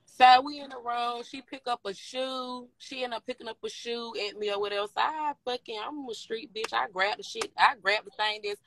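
A woman's voice: on the high side, fairly bright tone, a little hiss or hum, poor audio. A woman telling a story in blunt, heated, casual talk, swearing constantly. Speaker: storyteller recounting a fight.

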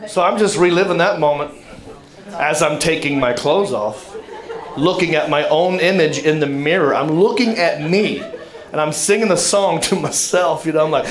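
A man's voice: a little high, normal speed. A middle-aged man with a Southern US accent telling a stand-up story in a drawling, self-mocking way, building to punchlines. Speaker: stand-up comedian. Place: comedy club stage. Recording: echoey stage with crowd laughter. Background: audience laughter.

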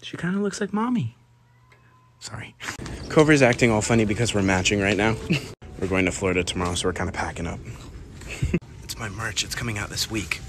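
A man's voice: fairly low pitch, expressive, a little fast, long pauses, a little hiss or hum. A young man filming a casual vlog, playful and giggly, swearing often as he talks. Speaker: vlogger.

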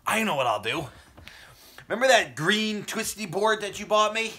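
A man's voice: high voice, lively intonation, moderate pace, bright, forceful tone. A man vlogging at home in casual family banter, cracking crude jokes and puffing for breath between lines. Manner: crude joking, breathless from exercise.

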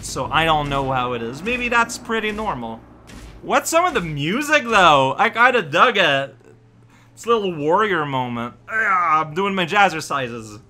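A man's voice: on the high side, bright, forceful tone. A man with a Quebec French accent giving rambling, joking gameplay commentary, sometimes singing snatches of songs. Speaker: let's play host. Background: game music.

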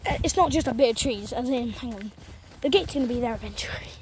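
Holding her phone camera as she walks outdoors on a country road, a young woman chats quickly in a fairly high voice, with a little hiss or hum in the audio. This casual walking vlog has her rambling and apologizing in a chatty way.

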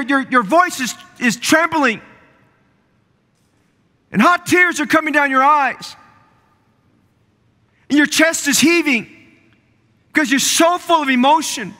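A man's voice: very high-pitched, expressive, measured pace, long pauses, bright, forceful tone, long reverb tail. A man preaching a sermon as pastor, building fervor and repeating phrases for emphasis. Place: church sanctuary.

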